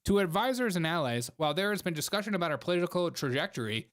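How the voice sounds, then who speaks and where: Sarcastic, slightly high-voiced male host. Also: sing-song, racing, fairly bright tone. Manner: sarcastic, mocking, laughs often; reads viewer chat aloud. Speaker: live stream host. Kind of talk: casual live-stream chat.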